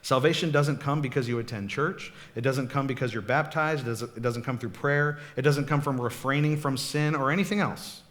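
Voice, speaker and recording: A man's voice: medium pitch, a little fast, few pauses, a bit bright. A man preaching a casual, conversational sermon as pastor, often checking in with the congregation. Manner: chatty, checks in often with "okay?" and "right?".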